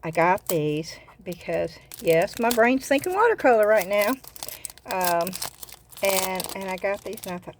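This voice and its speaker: An older woman with a Southern US accent chats casually in her craft vlog, rambling and often repeating her words. Her mid-range voice is expressive at a measured pace, with slight background noise.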